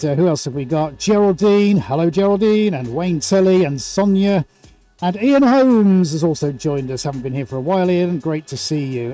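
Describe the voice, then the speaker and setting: A man with a high, mellow voice chats away as he hosts a live art stream. He is playful and relaxed, reads out viewers' names and teases them. Soft music plays faintly underneath. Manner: chatty, playful, greets viewers by name. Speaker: livestream host and painter. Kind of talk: casual livestream chat.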